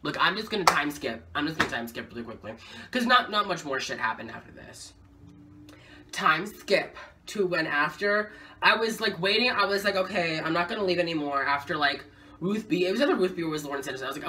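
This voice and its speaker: A young woman vlogger telling a casual story time, excitable and full of swearing. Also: fairly low pitch, fairly quick, recorded from a distance.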